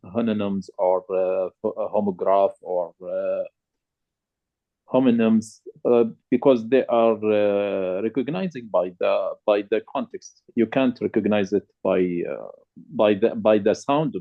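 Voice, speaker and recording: A man joins an online discussion over a tinny, phone-like video call line, his voice on the low side. He speaks haltingly, stopping on "uh" while he hunts for the right word. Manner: halting, searching for words with many "uh"s. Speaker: discussion participant. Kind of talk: casual online group discussion.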